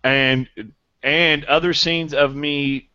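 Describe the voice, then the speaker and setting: A man's voice: fairly high pitch, slow pace, smooth, dry recording. Joking man with a dry, dull sound. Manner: playful, boastful deadpan bits. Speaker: podcast co-host. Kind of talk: joking podcast banter.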